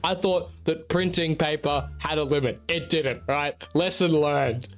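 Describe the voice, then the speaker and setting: A man's voice: on the high side, fairly even intonation, measured pace, soft background music. A young man, casually telling a story to the camera in a rambling, self-mocking way with plenty of swearing. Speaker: channel host.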